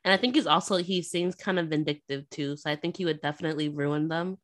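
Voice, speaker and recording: A young woman chatting casually about a book with a friend, relaxed and giggly with many fillers. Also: deep voice, fast talker. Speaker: book discussion co-host. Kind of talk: casual book club chat.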